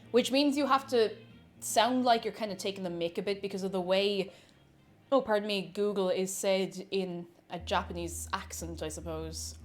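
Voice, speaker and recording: An Irish woman streaming live as she bakes, chatting in a rambling way and greeting viewers from chat. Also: mid-range voice. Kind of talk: casual chat while baking on stream.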